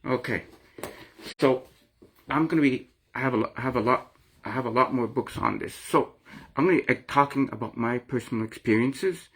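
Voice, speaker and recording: A man's voice: medium pitch, moderate pace, fairly bright tone, slightly rough. A middle-aged man vlogging an earnest, rambling account of his own experience, often repeating and restarting his phrases. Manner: earnest and emotional. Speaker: vlogger sharing personal experience. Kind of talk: personal confessional talk to camera.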